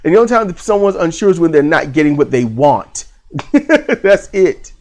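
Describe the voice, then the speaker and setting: A man's voice: a little high, very animated, moderate pace, darkish tone. A man giving a casual, rambling movie review, full of restarts and fillers and the odd swear word.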